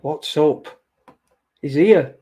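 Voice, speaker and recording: A man's voice: a little high, extremely slow, warm tone, breathy edge. A man hosting a live stream in casual chat, reading viewer comments aloud, rambling and swearing and repeating himself. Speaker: livestream show host.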